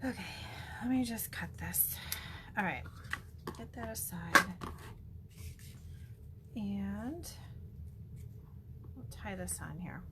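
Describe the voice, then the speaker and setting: A woman's voice: medium pitch, expressive, slow, pauses often, heavy background noise. A woman chatting through a casual card-making demo, gushing and full of ums. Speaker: stamping demonstrator.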